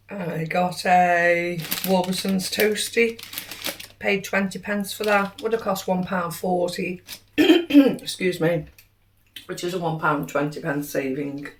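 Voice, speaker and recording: A middle-aged woman chatting casually through a grocery haul, cheerfully tallying prices and savings. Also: fairly low pitch. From United Kingdom. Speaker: vlogger. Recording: roomy echo, distant mic, faint noise.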